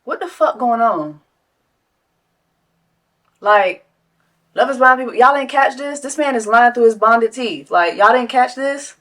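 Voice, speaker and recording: A woman hosting a casual reaction commentary, loud and profane, breaking into laughter and talking straight to her viewers. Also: fairly high pitch, measured pace, pauses often. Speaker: host.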